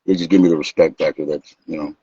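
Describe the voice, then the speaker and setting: A man from Los telling stories in an animated, casual way, acting out what people said and swearing freely. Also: extremely low pitch, quick pace, breathy edge, no echo. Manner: animated, acts out quotes, swears freely, laughs. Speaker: guest, dancer and music maker. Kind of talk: casual storytelling interview. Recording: dull lo-fi sound.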